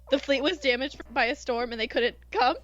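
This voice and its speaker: An American woman hosting a podcast, telling history in a casual, giggly, animated way with playful asides. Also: high-pitched, muffled recording, slight background noise. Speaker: podcast host.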